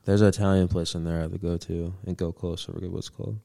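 Lässiger Mann mit tiefer Stimme. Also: male voice, low voice, little pitch movement, rapid-fire, vocal fry, mellow, dry recording. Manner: laid-back storytelling, laughing often, slangy. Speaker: podcast guest. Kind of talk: casual chat.

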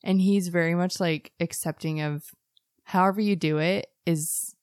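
A woman co-hosting a casual podcast, talking in a relaxed way with many fillers and frequent laughs. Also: on the low side, normal speed, clean tone, no echo, clean studio sound. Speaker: podcast co-host, esthetician.

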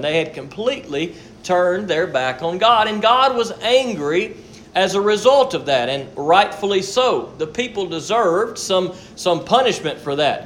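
High-voiced man preaching a sermon. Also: fairly bright tone, slight background noise. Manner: repeats words as he searches, earnest and explanatory. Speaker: pastor.

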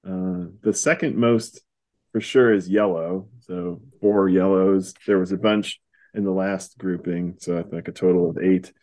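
Casting note: man, somewhat low voice, chatty and wry podcast co-host. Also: steady tone, dark tone. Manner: chatty, wry, quick bursts with small laughs. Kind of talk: casual chat.

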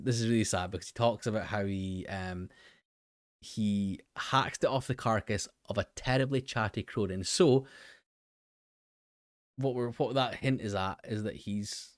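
Male recap host, low-pitched and dry, casual and rambling, stumbles over restarts. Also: slow, pauses often, dry recording. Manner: rambling, many fillers and restarts. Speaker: show host recapping an episode. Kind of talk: casual commentary.

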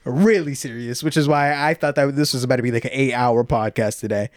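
Young man, podcast host, loud voice, laughs a lot, mid pitch, dry sound. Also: no room sound. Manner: loud, laughs often, halting restarts. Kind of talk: casual podcast chat. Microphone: podcast mic.

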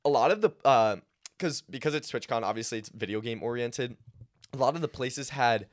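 A young man co-hosting a podcast, telling rambling stories in a relaxed, slangy way. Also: medium pitch, a little fast. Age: young adult. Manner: laid-back, slangy, rambling storyteller. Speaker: podcast co-host. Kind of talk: casual chat.

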